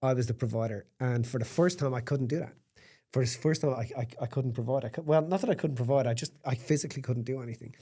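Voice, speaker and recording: Mellow-voiced man telling his story. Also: medium pitch, quick pace, slightly rough. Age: middle-aged. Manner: emphatic and raw, with blunt swearing. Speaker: podcast guest. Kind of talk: candid personal storytelling.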